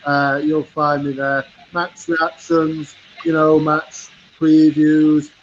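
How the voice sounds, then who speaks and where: A man's voice: on the high side, completely flat delivery, takes it slowly, dull audio, noisy background. A man, a guest YouTuber on a video call, speaking in a friendly way and thanking viewers. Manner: friendly, thankful, plugging his channel. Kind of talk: casual chat.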